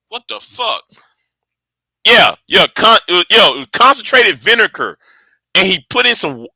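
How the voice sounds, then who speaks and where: A man giving casual rambling commentary, excitable and cursing often, stumbling over and repeating his words. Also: high-pitched, no echo. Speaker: online commentator.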